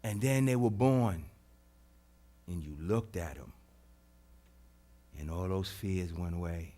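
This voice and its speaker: A man preaching a sermon as pastor, swinging from hushed, soft lines to loud, emphatic repetition. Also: low voice, takes it slowly. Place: church.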